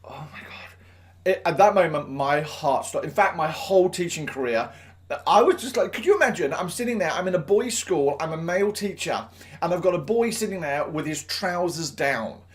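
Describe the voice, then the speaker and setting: A man's voice: fairly high pitch, expressive, moderate pace. A man, a teacher, telling a self-mocking anecdote from his teaching life. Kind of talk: storytelling anecdote.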